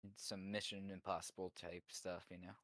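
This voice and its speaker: A man's voice: sits low, level tone, moderate pace, fairly bright tone, no room sound. A man playing a masked hero in a tabletop game, clowning with a mock Spanish swagger and Spanish words. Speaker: player.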